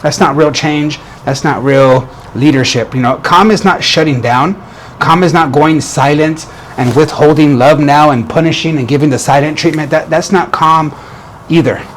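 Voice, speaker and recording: An earnest man coaching other men on relationships, his voice sitting a little high. He often restarts and repeats his phrases as he talks. Faint noise hums behind him. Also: moderate pace. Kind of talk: motivational talk to camera.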